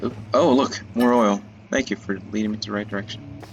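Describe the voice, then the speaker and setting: A man chatting his way through a horror game, low and gravelly, joking and tripping over his own words. His voice comes through a dull, lo-fi mic with faint music underneath. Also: fairly even intonation, fairly quick. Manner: jokey, stumbling, self-mocking. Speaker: gaming YouTuber. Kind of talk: casual let's-play commentary.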